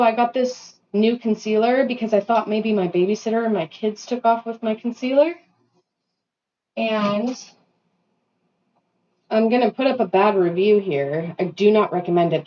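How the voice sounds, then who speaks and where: A woman in her thirties venting in a casual vlog, ranting and animated with self-deprecating asides while getting ready at home. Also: mid-range voice. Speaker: vlogger. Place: bathroom at home. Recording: slightly dull lo-fi sound.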